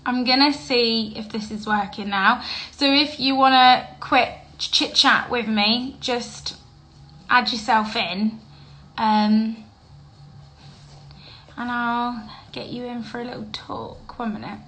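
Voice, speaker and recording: A woman's voice: a little high, steady tone, slow pace, sharp tone, low-quality recording. A young adult woman hosting a casual live-stream chat on her phone, chatty and enthusiastic. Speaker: livestream host.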